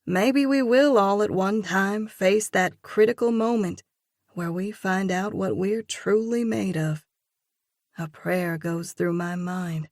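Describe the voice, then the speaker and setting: A woman narrating an audiobook in a measured, reflective first-person reading. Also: mid-range voice, darkish tone, no echo, studio quality.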